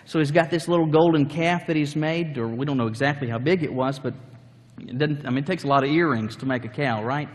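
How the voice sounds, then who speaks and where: A male pastor delivers a sermon and tells the story with acted-out scenes. His voice sits a touch high and rings in a hall with a long reverb. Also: fairly quick.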